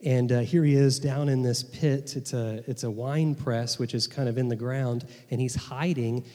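A man's voice: mid-range voice, fairly even intonation, moderate pace, mellow. A man preaches earnestly from the pulpit, his mid-range voice stopping and restarting phrases as he goes. His words ring out with a long reverb through a church sanctuary. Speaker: pastor. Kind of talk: sermon.

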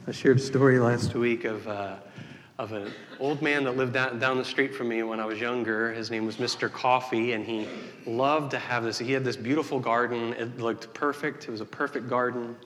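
A man's voice: mid-range voice, fairly even intonation, moderate pace, fairly bright tone, slight background noise. Male pastor, easygoing storyteller with restarts, preaching in a church hall with long reverb. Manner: folksy joke-telling, many restarts. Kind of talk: sermon.

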